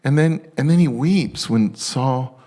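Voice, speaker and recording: A male pastor preaching a sermon, excitable and halting with many restarts, turning tender and emotional at times. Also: medium pitch.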